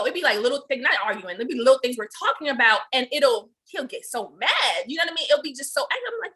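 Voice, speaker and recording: A woman in her thirties hosting a podcast, talking casually and telling stories in an animated, expressive way with frequent laughter. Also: high-pitched, quick pace. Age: 30s. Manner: laughs often while talking. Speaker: podcast host. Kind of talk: casual conversation.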